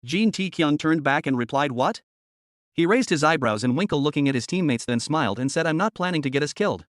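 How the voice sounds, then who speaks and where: A man narrating a comic story recap in a rushed, even storytelling manner. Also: on the high side, no echo, studio quality.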